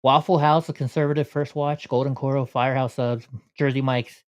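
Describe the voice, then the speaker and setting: A man's voice: medium pitch, steady tone, fairly quick, smooth. A man hosting a casual commentary vlog, sarcastic and grumbling, out of breath from walking. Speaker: vlogger.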